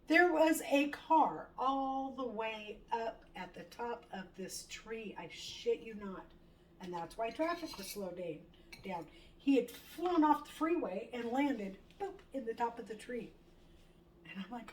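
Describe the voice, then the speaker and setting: A middle-aged woman chatting casually in her home kitchen while she cooks, telling a story with animated quoted lines and the odd swear. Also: fairly high pitch, a little slow. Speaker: home cooking vlogger. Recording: distant mic, faint room noise.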